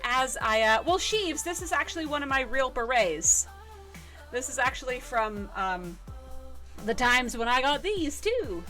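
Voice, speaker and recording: A chatty woman hosts her live stream in a bubbly, casual way. Her voice sits a little high, and faint music plays under her talk. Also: expressive, unhurried, bright, forceful tone. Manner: bubbly, chatty, thanks viewers.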